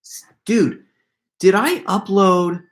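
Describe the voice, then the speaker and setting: A middle-aged man hosting a casual live Q&A, telling stories in an excitable, rambling way full of quick asides. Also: high voice. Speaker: prank video creator hosting a live Q&A. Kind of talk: casual livestream chat.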